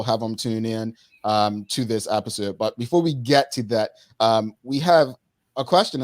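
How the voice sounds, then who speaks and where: A man's voice: mid-range voice, no echo. A man from Bermuda hosting a daily talk show in a casual, chatty way, often calling out to the audience as folks.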